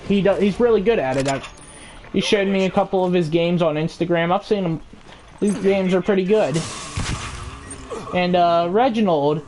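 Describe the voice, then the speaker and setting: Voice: medium pitch, moderate pace, long pauses, a little mellow, soft background music. A storyteller telling a story in a casual, rambling way, swearing and full of fillers.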